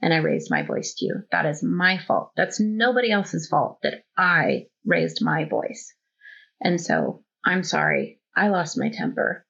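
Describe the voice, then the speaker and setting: A woman's voice: fairly low pitch, big pitch swings, a little slow, creaky, a bit bright, breathy edge. A woman guest on a podcast, in her thirties or forties, talking openly and telling stories, with many fillers. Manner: open, storytelling, full of fillers. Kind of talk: casual conversation. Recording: dull lo-fi audio.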